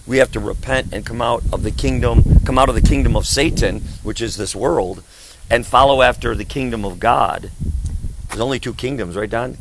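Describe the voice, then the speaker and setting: A man's voice: lowish voice, noisy background. A man in his fifties, a traveling evangelist, preaching emphatically in conversation and repeating his phrases. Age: 50s.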